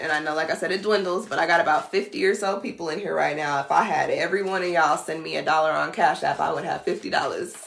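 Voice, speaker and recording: A woman's voice: low-pitched, vocal fry, a bit bright, echoey room. A woman tarot reader talking in a casual, blunt, slangy way on a livestream.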